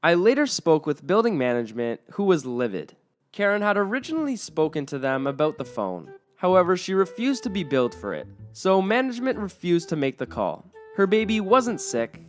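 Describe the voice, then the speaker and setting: A woman narrating Reddit stories aloud in a wry, lively storytelling manner. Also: on the low side, fairly quick, no room sound, faint music behind.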